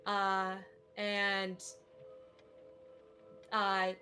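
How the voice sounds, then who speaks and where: A woman's voice: mid-range voice, completely flat delivery, drawn-out words, pushed and bright, faint music behind. A woman narrating as game master of a tabletop game, describing scenes in a chatty way with many fillers.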